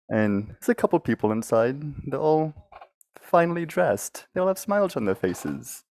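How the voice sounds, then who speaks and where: A man playing a tabletop game, slowly telling his character's backstory with some stumbles. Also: fairly low pitch, a little mellow, no room sound. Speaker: player.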